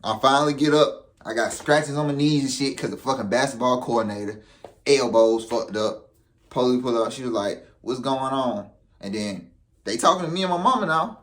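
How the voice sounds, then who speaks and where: A man's voice: medium pitch, moderate pace. A young man telling a story in casual vlog style, with profane street slang. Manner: animated, profane street slang, acts out quotes. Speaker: vlogger.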